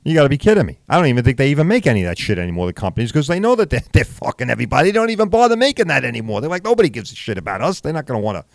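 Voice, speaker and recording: A man's voice: mid-range voice, big pitch swings, very fast, gravelly, few pauses, no room sound, studio quality. An older man hosting a podcast, ranting in a blunt, profane, casual way and firing rhetorical questions straight at his listeners. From New York. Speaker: podcast host.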